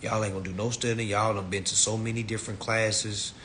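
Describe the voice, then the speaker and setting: A man's voice: little pitch movement, brisk, fairly bright tone, slight background noise. A man hosting an online class on a live stream, ranting bluntly and mockingly at his listeners. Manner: blunt, profane, mocking, mimics people in high voices. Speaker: online finance class host.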